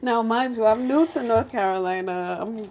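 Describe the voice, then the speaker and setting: A woman from New York, a lifestyle vlogger, telling a story in casual chat in her home kitchen, animated and laughing, acting out other people's voices. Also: on the high side, normal speed, a little hiss or hum. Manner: animated, laughing, acts out crying voices in quotes.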